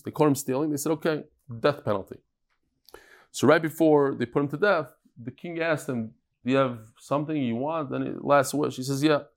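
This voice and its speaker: A man teaching a daily Talmud class, lively and joking, telling stories and mixing Hebrew and Yiddish terms into English. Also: mid-range voice.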